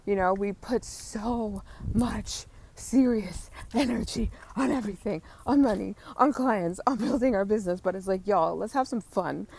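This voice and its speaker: A woman's voice: moderate pace, creaky, hardly any pauses, darkish tone, husky. A young adult woman hosting a spiritual business podcast, talking in a casual, effusive, motivational way while walking outside through her neighborhood, with casual swearing. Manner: effusive, swears casually, coos high at cats.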